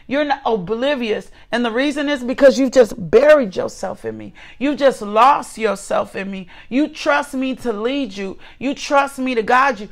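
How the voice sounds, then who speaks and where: Fervent and given to repeating herself, a woman in her forties hosts and preaches, reading scripture for a devotional message. Her voice is gravelly and somewhat high.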